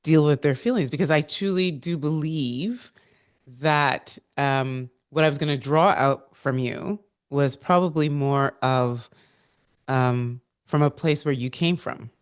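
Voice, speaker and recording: Podcast host interviewing, slow and hesitant, mid-pitched. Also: clear, resonant tone. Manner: hesitant, searching for words, with fillers. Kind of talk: interview questions.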